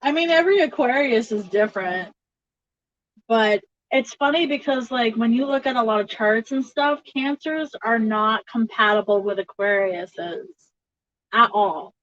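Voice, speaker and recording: A woman's voice: a little high, a little slow, a bit bright, no room sound. Chatty, giggly woman with a dull, dry sound. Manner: chatty, laughs often between remarks. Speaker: tarot reader. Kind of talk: casual livestream chat.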